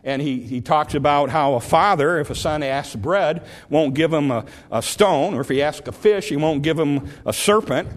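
A male pastor preaching a sermon, retelling a parable with lively storytelling and repeated emphasis. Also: fairly high pitch, moderate pace, few pauses. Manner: animated storytelling, repetitive emphasis.

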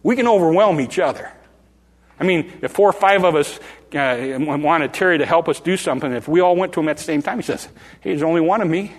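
An older man preaching a sermon, dramatic and animated, acting out voices from the story. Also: fairly high pitch, brisk, long reverb tail. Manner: dramatic, acts out the crowd and beggar in rising calls.

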